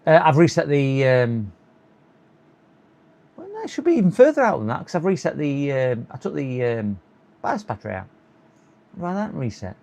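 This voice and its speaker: Man, gravelly, sore throat, tired, mutters to himself, live repair stream. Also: mid-range voice, big pitch swings, normal speed, pauses often, a little mellow. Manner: muttering to himself, chuckling, hopeful coaxing. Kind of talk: casual live-stream commentary while working.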